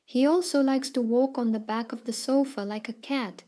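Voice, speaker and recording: Woman reading out funny pet stories, kinda high voice but mellow and warm, lively storytime vibe. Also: normal speed. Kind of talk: narrating short funny pet anecdotes.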